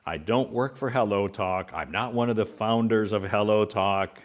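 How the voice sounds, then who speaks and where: A man teaching English on a live stream, reading and answering viewer comments in a relaxed, repetitive, reassuring way. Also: fairly low pitch, normal speed.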